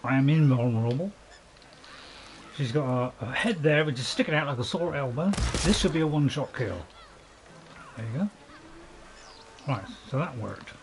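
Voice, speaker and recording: A British let's-play host speaks at normal speed in a slightly high voice with lively intonation, vocal fry and long pauses. He's chatty and self-mocking, laughing often, against a noisy background that includes a nearby barking dog.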